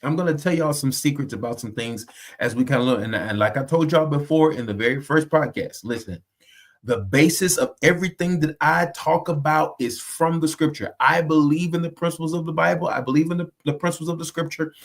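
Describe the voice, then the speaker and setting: A man's voice: fairly high pitch, a little fast. A man from the United States hosting a faith podcast, talking in an earnest, emphatic, preacherly way. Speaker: host.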